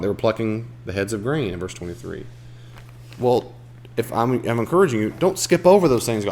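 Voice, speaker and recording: A man leading a casual Bible study group, chatty and animated, talking with asides to the people in the room. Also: lowish voice, fast talker, a little hiss or hum. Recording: live room recording, faint background.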